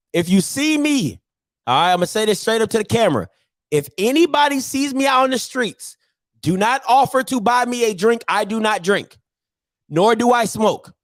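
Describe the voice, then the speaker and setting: Animated man in his thirties ranting. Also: sits high, no echo, studio quality. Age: 30s. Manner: animated ranting, mocking old-timers in loud put-on voices. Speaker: show host. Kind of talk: casual sports chat to camera.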